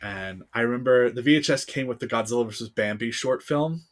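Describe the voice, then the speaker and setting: A man's voice: medium pitch, brisk. A podcast guest in his thirties with a man's voice, from the United States, telling a personal story in casual interview chat, heartfelt and full of fillers. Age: 30s.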